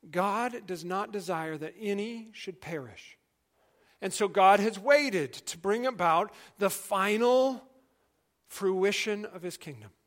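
A middle-aged male pastor preaching a sermon in an earnest, conversational way, dropping to quiet emphasis. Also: sits high.

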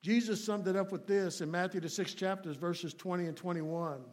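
A man with a notably high speaking voice delivers a sermon as a visiting preacher. His talk is folksy and plainspoken. He lunges into loud, emphatic lines and then pulls back to soft, low asides. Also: normal speed. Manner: folksy, swings between loud emphatic and hushed. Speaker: guest preacher.

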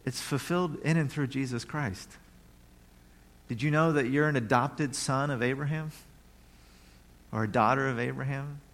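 A man's voice: mid-range voice, moderate pace, long pauses, fairly bright tone. Conversational male pastor preaching. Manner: conversational preaching, reads scripture aloud, bursts into joyful cries. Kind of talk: sermon.

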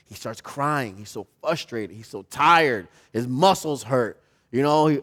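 A pastor preaching a sermon, telling a story with animation and putting questions to the congregation. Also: male voice, mid-range voice, lively intonation, unhurried, fairly bright tone.

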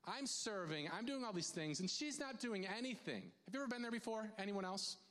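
A man preaching a conversational sermon to his congregation, chatty and animated, with many restarts and asides to the crowd. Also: high voice, a little fast. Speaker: pastor. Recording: long hall reverb.

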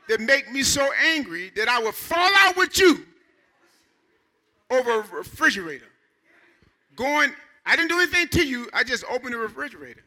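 A man in his fifties preaching a Sunday sermon in an animated, conversational way, building to shouts. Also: very high voice, normal speed, long pauses. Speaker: pastor.

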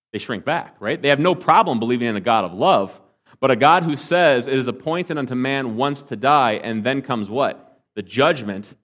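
A pastor delivering a sermon, asking the congregation rhetorical questions and dropping to a hush for emphasis. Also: male voice, medium pitch. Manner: swings between emphatic and hushed delivery.

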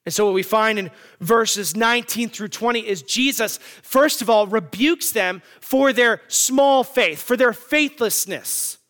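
A man's voice: high-pitched, measured pace, few pauses, a bit bright, big-room sound. A male pastor preaching a sermon to his congregation, emphatic and full of rhetorical questions.

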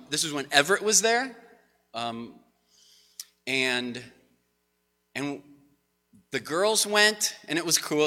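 Man, pastor, casual sermon, very bright tone, long reverb. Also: medium pitch. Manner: animated storytelling to a congregation. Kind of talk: conversational sermon.

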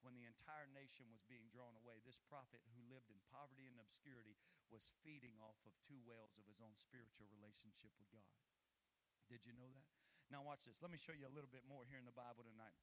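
A man preaching a sermon as pastor, swinging from low, quiet stretches up to loud, heated peaks. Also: fairly even intonation, fast talker, a little hiss or hum.

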